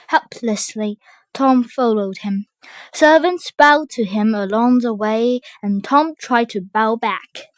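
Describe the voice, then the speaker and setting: A woman reading a children's storybook aloud, slowly and expressively. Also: fairly high pitch, dry recording. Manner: slow, careful, expressive reading. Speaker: storybook reader.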